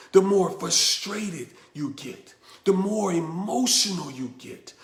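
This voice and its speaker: A man giving a motivational talk, telling a parable with dramatic pauses, slowing down and sinking to a near-whisper. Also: sits high, creaky, sharp tone. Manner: dramatic storytelling, slows down and sinks to near-whisper. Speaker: motivational speaker. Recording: roomy echo.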